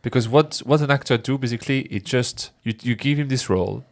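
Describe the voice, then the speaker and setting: A man's voice: mid-range voice, brisk. A man co-hosting a casual film podcast, hesitant and searching for words, with nonstandard English grammar. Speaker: podcast co-host.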